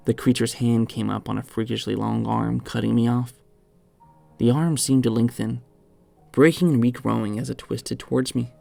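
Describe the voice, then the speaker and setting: A man narrates a creepy first-person horror tale in a measured, dramatic way. His voice is deeply gravelly with strong vocal fry and a dark, mellow tone. Faint music sits underneath.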